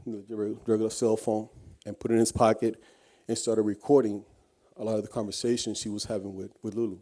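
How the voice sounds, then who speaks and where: A man's voice: lowish voice, flat delivery, brisk, warm tone. A man giving an earnest personal testimony, telling his story with frequent restarts. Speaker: guest speaker.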